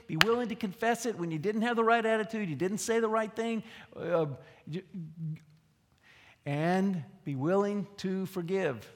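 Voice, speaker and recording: A man, a pastor preaching a sermon in a conversational way, dropping low for asides and rising for emphasis. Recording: long hall reverb.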